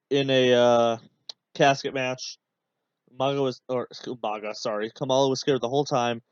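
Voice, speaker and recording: A man with a medium-pitched, clean voice hosts a podcast, casually commenting on a match he's watching. His rambling is full of fillers and grows sarcastic and exasperated. The recording comes from a dull, dry podcast mic.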